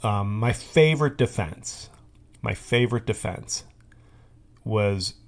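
A man's voice: lowish voice, animated, slow. A man hosting a podcast, telling a rambling comic monologue full of tangents, fillers and restarts. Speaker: podcast host. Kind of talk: comedic monologue.

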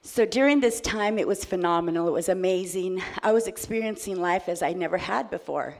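A woman's voice: lowish voice, a little fast. A woman telling a personal story to an audience, laughing often and acting out the dialogue. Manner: animated, laughing, acts out dialogue.

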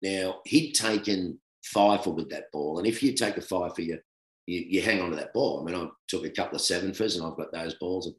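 Laughing Australian bloke telling yarns. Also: male voice, low-pitched, brisk. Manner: animated, laughing storyteller who acts out quoted voices. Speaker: former cricketer, guest storyteller. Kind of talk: casual anecdote telling. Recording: roomy echo.

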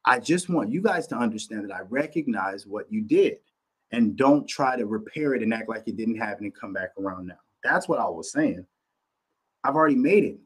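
A man hosting a podcast from his home office, ranting bluntly and profanely in a casual, animated way. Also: fairly low pitch, fairly quick, breathy edge, rough recording. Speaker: podcast host. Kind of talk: casual rant to camera.

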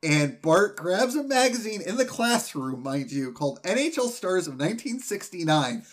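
A man hosting a podcast, recapping an episode in an enthusiastic, animated way. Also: high-pitched, normal speed. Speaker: podcast host. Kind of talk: casual chat recapping a cartoon episode.

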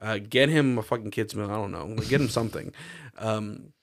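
A man co-hosting a casual podcast who tells stories in a rambling way, with lots of swearing, quick bursts and laughter. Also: on the low side, creaky. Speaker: podcast co-host. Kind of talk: casual storytelling chat.

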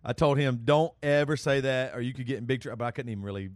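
Guy on a podcast mic, chatty storyteller laughing along, mid pitch, dry sound. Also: fast, dry recording. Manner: lively storyteller who laughs as he talks. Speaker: podcast co-host. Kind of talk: casual chat.

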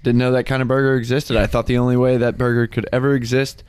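A man in his twenties co-hosting a podcast, chatting casually, joking and excitable, swearing freely. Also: medium pitch, fast, smooth, dry recording, studio quality. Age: 20s. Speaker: podcast co-host. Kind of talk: casual chat.

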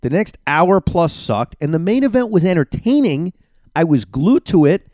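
A man hosting a podcast, talking with a lively, swooping delivery that jumps up and down in pitch. He is opinionated and emphatic, ranting at times. The sound is close and dry, with no room around it. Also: normal speed, dry recording. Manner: animated, emphatic. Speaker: podcast host. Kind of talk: solo podcast reaction.

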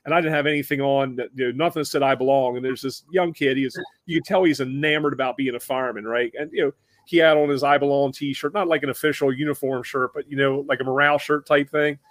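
A man hosting a podcast, telling a story casually with many restarts and animated impressions of the people in it. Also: medium pitch, fast talker, no room sound. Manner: animated, acts out other people in raised voices; conversational with frequent restarts. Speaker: podcast host.

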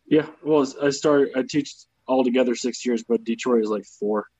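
A man's voice: medium pitch, moderate pace, darkish tone, breathy edge, no room sound, lo-fi sound. A man who grew up in the American South, telling stories as a comedian guest on a podcast in a casual, self-deprecating, profane way. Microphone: remote video call.

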